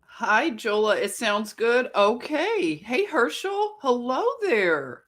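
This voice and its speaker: A woman's voice: a little high, sing-song, takes it slowly, fairly bright tone. An American woman hosting a casual livestream, greeting viewers by name and talking things through with frequent restarts and self-corrections. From United States. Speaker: livestream host.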